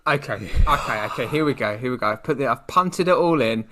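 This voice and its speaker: A young British man co-hosting a podcast, chatting in playful, excitable banter with a friend. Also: mid-range voice, fast talker, slight background noise. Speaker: podcast co-host. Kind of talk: casual chat.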